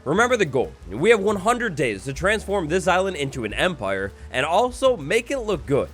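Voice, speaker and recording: A young man doing energetic, jokey commentary over his own game play, with bursts of mock drama. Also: on the high side, normal speed, soft background music. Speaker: gaming YouTuber. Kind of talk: Minecraft let's-play commentary.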